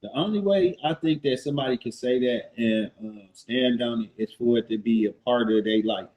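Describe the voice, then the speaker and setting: Man co-host, mid-pitched, blunt profane storyteller on a casual live stream. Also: normal speed, darkish tone, low-quality recording.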